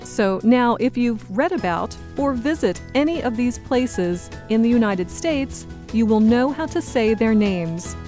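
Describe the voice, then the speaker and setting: A woman presenting a scripted educational program, in a clear, measured, teacherly way. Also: on the high side, lively intonation, dark tone, soft background music.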